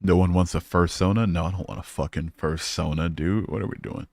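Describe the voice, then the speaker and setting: Low-voiced man hosting a casual livestream. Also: steady tone, fairly quick, vocal fry, a little mellow, dry recording. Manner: casual and profane, reading chat aloud. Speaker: livestream host. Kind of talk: casual live-stream chat.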